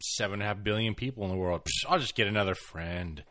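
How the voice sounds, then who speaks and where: A man's voice: lowish voice, fast, sharp tone, no room sound, studio quality. A middle-aged man co-hosting a podcast in casual chat, who laughs often and speeds through parts of words. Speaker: podcast co-host. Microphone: close studio mic.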